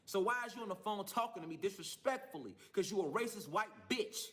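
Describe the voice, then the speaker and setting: A man's voice: sits high, expressive, a little fast, fairly bright tone. A man telling his own story in an angry, profane, defiant monologue. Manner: heated, profane, defiant ranting.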